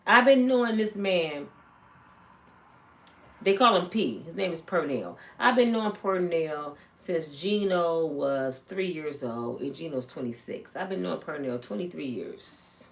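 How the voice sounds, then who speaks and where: Animated chatty woman gossip vlogger. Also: unhurried. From Michigan, USA. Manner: animated, chatty, acts out quotes in high voices. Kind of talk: casual storytelling commentary.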